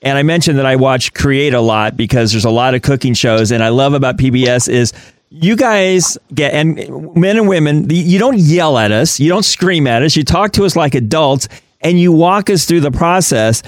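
A man's voice: a little high, lively intonation, moderate pace, dry recording, clean studio sound. A man co-hosting a radio talk show, chatting enthusiastically and laughing often.

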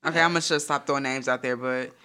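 A man's voice: mid-range voice, steady tone, racing, bright, forceful tone, clear, resonant tone. A man co-hosting a podcast, chatting casually and animatedly, swearing freely and laughing often. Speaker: podcast co-host. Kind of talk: casual chat.

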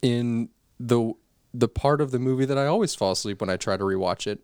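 A man's voice: mid-range voice, a little fast, darkish tone, clean tone, no echo, studio quality. A man co-hosting a casual movie podcast, laid-back and self-deprecating. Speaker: podcast co-host.

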